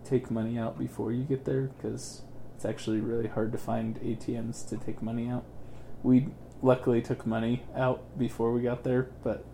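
Brief: male student, warm mellow voice, faint room noise behind. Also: mid-range voice, level tone, normal speed, creaky. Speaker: student traveler. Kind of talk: casual interview advice.

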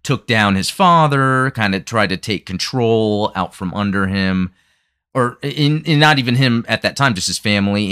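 A man hosting a live chat show, talking fast and rambling with lots of fillers and restarts. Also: fairly low pitch, fairly bright tone, no echo, studio quality. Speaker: podcast host. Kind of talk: casual chat.

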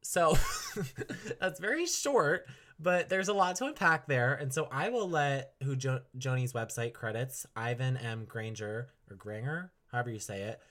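A man's voice: mid-range voice, expressive, moderate pace, a bit bright. Chatty, enthusiastic young man podcasting. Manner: chatty and enthusiastic, with frequent fillers and laughs. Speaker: podcast host reviewing an album. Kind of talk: casual solo podcast talk.

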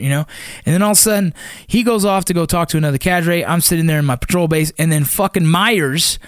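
A man's voice: a little high, fast, smooth, dry recording, studio quality. Profane ex-Ranger man telling war stories. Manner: profane, rambling, frequent restarts. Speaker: former Army Ranger guest. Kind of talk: casual war storytelling.

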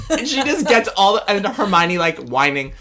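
A man's voice: high-pitched, big pitch swings, normal speed, sharp tone. A man co-hosting a casual pop-culture podcast, catty and theatrical, swearing a lot and mimicking the people he talks about. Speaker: podcast co-host.

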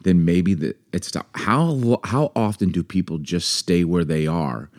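A man in his forties co-hosting a casual chat about a book, rambling and animated with lots of fillers. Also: low-pitched, a little slow. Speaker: podcast co-host.

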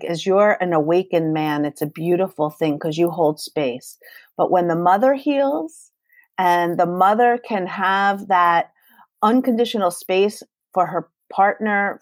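An earnest woman in her forties talks about love and family as a guest in an interview. Her voice sits at an ordinary middle pitch, and the recording is close and dry, with no room sound around it. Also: no room sound. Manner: earnest and emphatic, quoting herself in dialogue. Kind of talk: conversational podcast interview.

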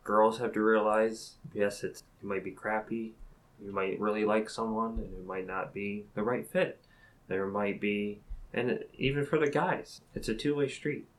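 A man's voice: fairly low pitch, steady tone, moderate pace, rough recording. A man co-hosting a casual podcast chat, talking earnestly and thinking aloud. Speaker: podcast co-host.

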